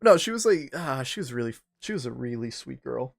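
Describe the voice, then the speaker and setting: A man's voice: mid-range voice, expressive, brisk, creaky. A young man telling a rambling, profane, self-mocking story while streaming a game, with faint game music behind him. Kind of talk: casual storytelling while gaming.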